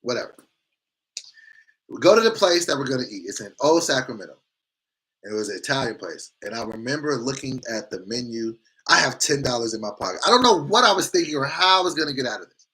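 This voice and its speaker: Male morning-show host, crisp bright tone, animated casual storyteller who acts out quotes. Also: mid-range voice, fast.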